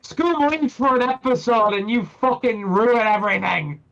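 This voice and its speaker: Lively young co-host, lo-fi mic. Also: male voice, sits high, moderate pace, creaky. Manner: jokey, swears, boastful banter. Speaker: podcast co-host. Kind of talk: casual chat. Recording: slightly dull lo-fi mic.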